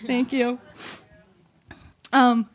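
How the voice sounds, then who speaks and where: A woman hosting from a small live venue stage, fighting back tears as she talks. Her voice sits a little high, and she rambles, halts, and laughs her way through the emotion in casual on-stage chat. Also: little pitch movement, drawn-out words. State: tearful, on the verge of crying. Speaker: host and singer-songwriter.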